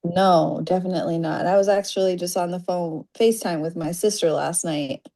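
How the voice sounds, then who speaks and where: A woman's voice: on the low side, fairly even intonation, brisk, mellow. A woman with a Southern US accent, a caller on a coaching call, agreeable and giving short replies.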